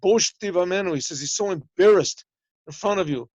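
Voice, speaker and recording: Man teaching a Torah lesson, slightly higher voice. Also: brisk, a little mellow, no room sound, muffled recording. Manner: explains in plain talk, translating Hebrew phrases as he goes; retells stories with small acted dialogue. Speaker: rabbi teaching a yeshiva class. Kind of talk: Torah lesson over a video call.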